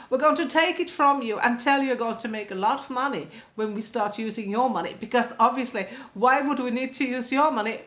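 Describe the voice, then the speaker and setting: A woman's voice: high voice, fairly bright tone. A woman giving casual political commentary, chatty and rambling, with many fillers and sarcastic asides. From England. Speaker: political vlogger.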